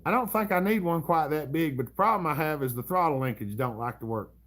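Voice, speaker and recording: A man's voice: on the high side, expressive, fast talker, fairly bright tone. A middle-aged man with a Southern US accent, hosting a casual livestream and chatting in a drawling, chuckling, folksy way. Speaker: livestream host. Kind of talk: casual live chat reading comments.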